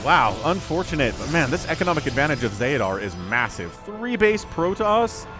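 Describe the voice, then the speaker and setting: A man casting a strategy game match, jokey and excitable, reading viewers' chat aloud as he goes. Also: mid-range voice. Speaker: game caster. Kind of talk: lively esports commentary.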